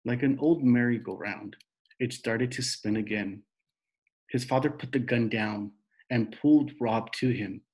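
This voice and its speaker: A man reading a novel aloud in slow, steady narration. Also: mid-range voice, rough recording. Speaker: reader.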